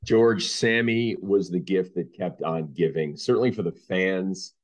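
A man, a sportswriter guest, telling anecdotes and acting out the people he quotes. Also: measured pace. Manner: deep-voiced, animated, acts out quoted people. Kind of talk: anecdotal storytelling.

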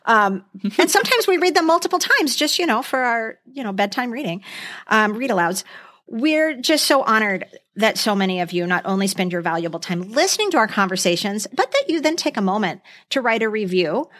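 A woman's voice: fairly high pitch, big pitch swings, fairly quick, a bit bright. A woman co-hosting a podcast, thanking listeners in a gushing, self-mocking way. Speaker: podcast co-host. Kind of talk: casual chat.

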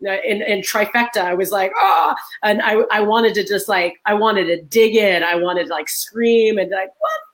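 A woman in her forties, a guest author in a conversational interview, telling animated stories and acting out what people said. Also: medium pitch, normal speed, hardly any pauses, rough recording. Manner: animated storytelling, acts out quoted voices. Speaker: guest author and leadership trainer.

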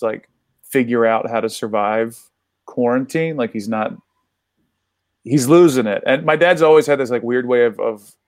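A man telling a loose, rambling story on a video call, breaking into laughs as he goes. His voice sits at a middling pitch, and the sound is dry and close with no room echo. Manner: rambling, laughs through stories. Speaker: comedian guest. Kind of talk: casual storytelling chat.

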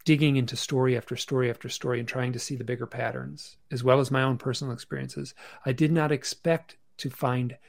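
Speaking from his bedroom over a video call, a podcast guest tells his story in a casual, halting way, often restarting phrases and filling pauses with "um." His medium-pitched voice is gravelly with some fry and fairly even in intonation. The audio is dry and close, with no room sound or echo.

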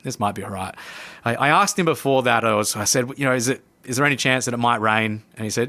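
A man, a podcast guest, telling a personal story in animated conversation and acting out his own past lines. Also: mid-range voice, quick pace. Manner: lively narrator who acts out his own past lines. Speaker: podcast guest, coach and speaker.

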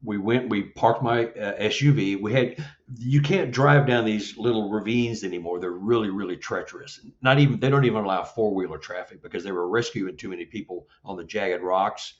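A middle-aged man telling a story as an interview guest, acting out the dialogue with lively jumps in his voice. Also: fairly quick, few pauses. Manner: animated, acts out dialogue with rising pitch. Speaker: Sasquatch investigator, guest. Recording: dull lo-fi audio.

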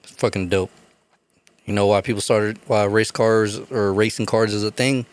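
A man's voice: lowish voice, moderate pace, clear, resonant tone, no room sound. A young man on a casual podcast, telling stories with lots of swearing and acting out the voices of the people in them. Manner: animated storyteller, acts out quotes, swears a lot. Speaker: podcast host. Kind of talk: casual chat.

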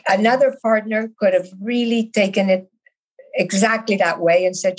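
A woman's voice: medium pitch, steady tone, moderate pace, breathy edge, low-quality recording. A middle-aged woman from Canada, a podcast guest, telling her story in earnest conversation and stressing her points with repeated words. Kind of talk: conversational interview.

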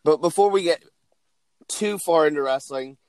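Male podcast co-host, relaxed and brief, dry close recording. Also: on the high side, moderate pace, no room sound. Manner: easygoing, short remarks, swears. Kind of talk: casual chat.

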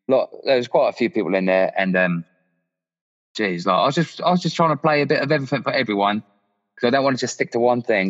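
A man's voice: lowish voice, a bit bright. A man in his thirties, a guest musician telling a story in casual chat with a lot of laughing. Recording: muffled, echoey room.

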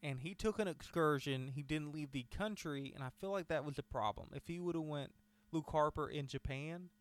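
A man in casual chat, rambling and animated as he talks wrestling with a friend. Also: a little high, normal speed, clean tone.

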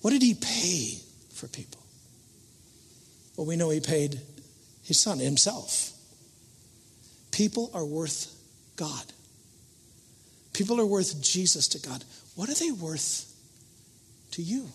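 Animated, high-voiced male preacher. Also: slow pace, gravelly, long pauses, breathy edge, big-room sound. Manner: animated, self-mocking, acts out his own thoughts in loud voices. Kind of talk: storytelling sermon.

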